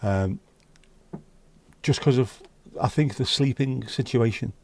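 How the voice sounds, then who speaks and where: A man from the United Kingdom hosts a casual livestream chat, talking bluntly and swearing freely. His medium-pitched voice is slow, gravelly, and slightly rough, with no room sound.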